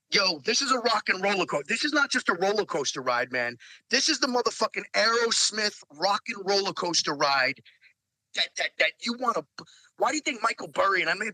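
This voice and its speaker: A man's voice: high-pitched, sharp tone, dry recording, poor audio. A man giving a heated, profane rant in a live audio room, stammering and restarting often.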